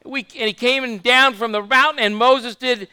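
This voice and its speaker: A man's voice: extremely high pitch, fairly even intonation, moderate pace, bright, forceful tone, smooth, no room sound. A man preaching a fervent sermon, repeating his points and asking the congregation for amens. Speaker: pastor.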